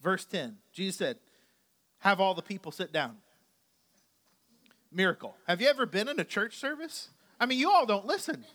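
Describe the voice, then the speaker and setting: Bright-voiced joking male pastor. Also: sits high, expressive, moderate pace, long pauses. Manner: chatty, joking asides to the congregation. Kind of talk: conversational sermon.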